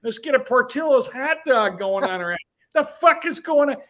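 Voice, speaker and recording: A man's voice: very high-pitched, expressive, moderate pace, fairly bright tone, voice pushed up. A man voicing a foul-mouthed, bossy mob enforcer who barks profane pep talks at a livestream audience. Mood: barking. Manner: profane barking pep talk.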